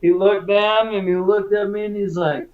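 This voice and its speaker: A man's voice: high-pitched, fairly even intonation, normal speed, narrow, tinny audio. A man from Texas, a former Marine, telling stories in a casual interview in a laid-back, profane way. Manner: profane, laid-back, peppers talk with "dude" and "right?".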